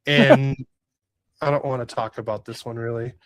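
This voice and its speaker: A man's voice: mid-range voice, steady tone, normal speed, no room sound. Rambling man recapping hockey, dry sound. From Southern California. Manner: rambling, frequent fillers and restarts, rueful. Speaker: podcast co-host. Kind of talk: casual sports podcast recap.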